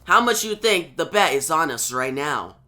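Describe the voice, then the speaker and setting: A man's voice: fairly high pitch, sing-song, normal speed, bright, forceful tone, full character voice. A man voicing a sardonic young female mercenary, reading her mocking lines fairly plainly. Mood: teasing.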